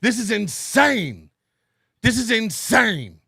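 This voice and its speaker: A man's voice: sits high, sing-song, slow, gravelly, bright, forceful tone, breathy edge, no echo. A man in a played clip, ranting angrily and repeating himself. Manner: angry, repetitive ranting.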